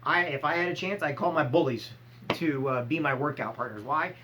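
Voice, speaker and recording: A man's voice: on the high side, brisk, noisy background. A man giving a blunt, emphatic motivational talk, firing rhetorical questions and acting out short scolding exchanges. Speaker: motivational speaker.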